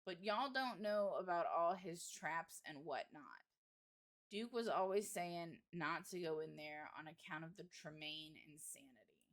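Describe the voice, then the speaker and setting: A woman's voice: on the low side, a little slow, lightly acted. A woman voicing a worried rural mother in a horror game, read plainly without a put-on accent.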